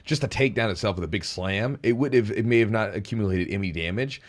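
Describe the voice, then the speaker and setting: Low-voiced, rambling podcast host man. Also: quick pace. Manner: animated and rambling, with sudden jumps in pitch. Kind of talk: casual podcast chat.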